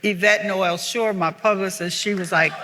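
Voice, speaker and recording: A woman's voice: medium pitch, steady tone, moderate pace, over a noisy crowd, heavy background noise. An older woman telling personal stories candidly as a guest on a live theater stage, with earnest restarts. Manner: earnest, heartfelt, with frequent restarts. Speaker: guest author. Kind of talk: candid storytelling conversation. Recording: reverberant live theater sound.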